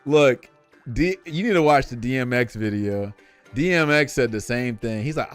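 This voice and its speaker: A man's voice: medium pitch, normal speed, smooth, soft background music. A young man streaming from home, ranting in casual slang and addressing his chat directly. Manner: animated, opinionated, slangy, talks to chat.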